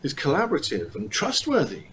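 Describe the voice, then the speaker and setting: A man's voice: fairly high pitch, wildly swooping pitch, fairly quick, a bit bright, highs cut off, slight background noise. Man giving a chatty seminar talk. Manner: conversational, asks rhetorical tag questions. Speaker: negotiation speaker. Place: meeting room with an audience.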